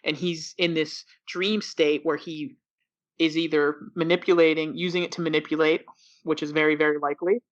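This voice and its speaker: A man's voice: on the high side, level tone, normal speed, fairly bright tone, muffled recording. A man co-hosting a film podcast, arguing his reading of the film step by step. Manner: argumentative, explains step by step. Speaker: podcast co-host. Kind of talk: casual film discussion.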